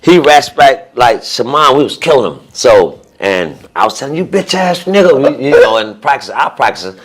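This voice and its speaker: A middle-aged man telling a locker-room story on a podcast, animated and profane, laughing and acting out what people said. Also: medium pitch, moderate pace. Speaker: former basketball player, guest.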